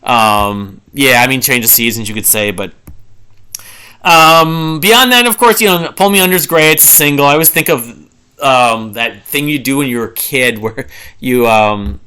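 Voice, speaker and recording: Man, forties, music reviewer; bright, forward tone, rambling and enthusiastic, hums riffs. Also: medium pitch, normal speed, smooth. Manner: rambling and enthusiastic, many fillers and restarts; hums and sings riffs to illustrate. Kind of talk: casual album review monologue.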